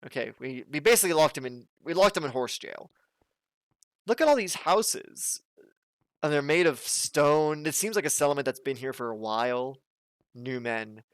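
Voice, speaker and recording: Brief: a chatty, jokey man from the southern United States as a let's play host, with a smooth voice. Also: medium pitch, a little fast, fairly bright tone, dry recording. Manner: chatty, jokey, thinking aloud. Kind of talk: casual gameplay commentary.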